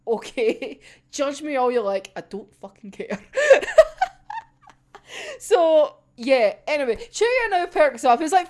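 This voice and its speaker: A woman's voice: high-pitched, animated, slow pace, darkish tone, a little hiss or hum. A young woman casually talking through a manga chapter, giggling often and swearing freely as she gushes. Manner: giggly, swears a lot, gushing. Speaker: manga reaction channel host.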